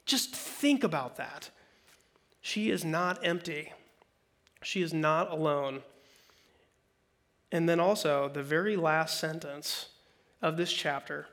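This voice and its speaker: Bright-voiced man preaching conversationally. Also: a little high, slow, long pauses. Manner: conversational, animated preaching with acted-out quotes. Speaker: pastor. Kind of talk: sermon.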